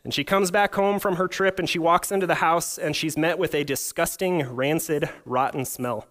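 A young adult male pastor delivers a sermon in a fairly high, slightly bright voice at a moderate pace. He blends scripture reading with a funny personal anecdote and rhetorical questions.

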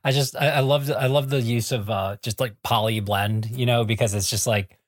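A man's voice: medium pitch, fairly even intonation, a little fast, no echo, studio quality. A man co-hosting a podcast, chiming in with joking asides, laughter and casual swearing. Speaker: podcast co-host. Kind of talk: casual comic book discussion.

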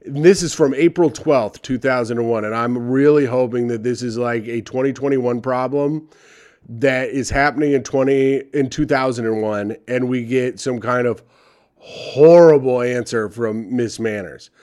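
A man's voice: mid-range voice, normal speed, darkish tone. Sarcastic young man ranting profanely. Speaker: comedy podcast host reading advice columns. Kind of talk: comedic reading with profane commentary.

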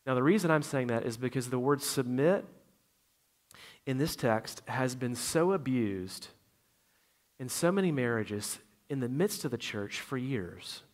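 Middle-aged pastor guy preaching, chatty, gets loud then drops quiet. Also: mid-range voice, expressive, measured pace. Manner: conversational preaching, swings from loud emphasis to quiet. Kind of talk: sermon.

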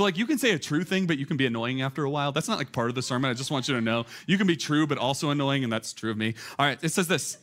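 A man in his thirties preaching a sermon as a pastor, conversational and animated, full of filler words, climbing toward near shouts. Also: fairly high pitch.

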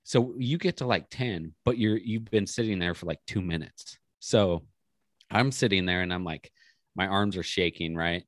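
A man's voice: sits low, moderate pace, no echo, studio quality. A man co-hosting a podcast, telling stories in casual chat with many restarts. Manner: rambling storyteller, many restarts. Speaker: podcast co-host.

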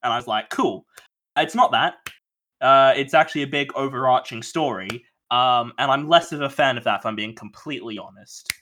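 Rambling man, bright voice. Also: mid-range voice, fairly quick. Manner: rambling, hesitant, laughs often. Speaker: podcast co-host. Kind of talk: casual chat.

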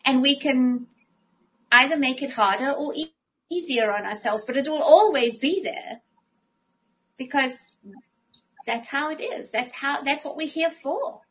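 Upbeat woman coach on a chat podcast, lively, restarts phrases, bright tone. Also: high voice, a little slow, long pauses, rough recording. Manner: animated, restarts phrases often, acts out her own thoughts. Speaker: podcast co-host and life coach. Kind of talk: casual conversational podcast.

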